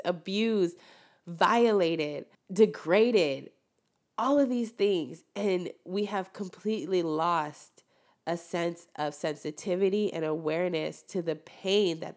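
A young woman delivers a casual opinion monologue as host, her voice sitting slightly low for a woman. She talks in an animated, preachy way and jumps to loud emphatic peaks.

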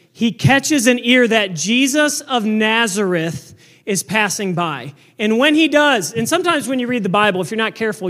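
A man preaching a sermon into a microphone, loud and earnest, often restarting his words. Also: high voice. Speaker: pastor.

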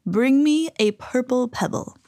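A woman voicing a slow, mysterious magic lizard in a read-aloud storybook. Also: high voice, mellow, slight background noise, pitched above the performer's own voice. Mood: solemn.

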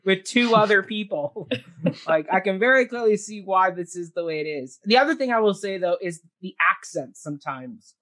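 A man's voice: sits high, expressive, moderate pace, bright, forceful tone. A man reviews a stage production with his co-hosts in a loose, chatty way. He is opinionated and full of fillers and self-corrections. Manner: opinionated, lots of "like" and restarts. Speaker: theatre reviewer. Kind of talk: casual podcast review chat.

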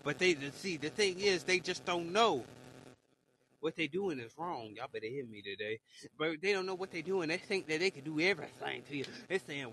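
Preachy man with a bright voice. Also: on the high side, moderate pace, rough recording. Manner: preachy, exclaims "Lord have mercy". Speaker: podcast host. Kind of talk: preachy motivational monologue.

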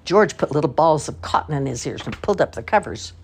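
An older woman reads picture books aloud in a low, husky voice. Her storytelling lilts and rises with expressive movement. The cadence is warm grandmotherly bedtime reading. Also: fast talker. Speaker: storybook reader.

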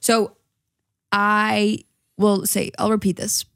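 A woman's voice: mid-range voice, monotone, takes it slowly, fairly bright tone, dry recording, clean studio sound. Rambling, giggly young woman podcaster. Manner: rambling storyteller, swears freely, giggly. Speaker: podcast co-host. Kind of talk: casual chat.

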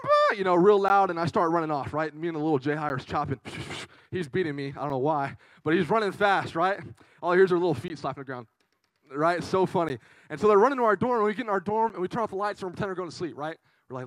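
A young man preaching to a youth group, telling a funny story in an animated, chatty way with lots of "right?". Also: a little high, no echo, rough recording. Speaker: youth pastor. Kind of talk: casual storytelling sermon.

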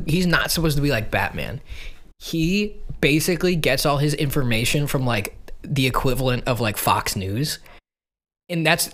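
A young man with a bright, ringing tone and a slightly higher voice, chatting casually as a podcast host. His pitch swings widely as he stumbles, restarts and laughs along. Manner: hesitant, laughs a lot. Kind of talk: casual chat.

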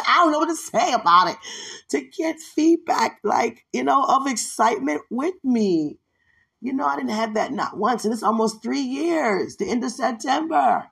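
A woman's voice: a little high, vocal fry, husky. A woman podcast host giving a fervent, rambling devotional testimony with many fillers.

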